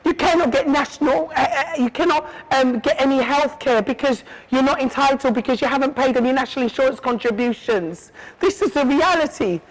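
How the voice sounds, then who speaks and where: A woman's voice: high voice, fairly quick, few pauses, poor audio. A woman from England giving heartfelt, emphatic interview answers and often checking in with "yeah?". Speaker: interview guest.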